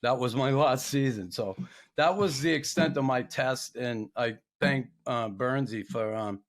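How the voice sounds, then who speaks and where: A man's voice: mid-range voice, unhurried. An older man hosting a podcast, telling profane anecdotes in casual chat and laughing as he goes. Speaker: podcast host.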